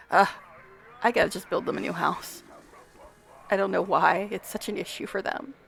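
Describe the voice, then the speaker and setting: A woman's voice: medium pitch, steady tone, unhurried, creaky, a bit bright. A woman giving casual gameplay commentary, chatty, talking to the game characters, swearing and laughing often. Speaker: gamer vlogger.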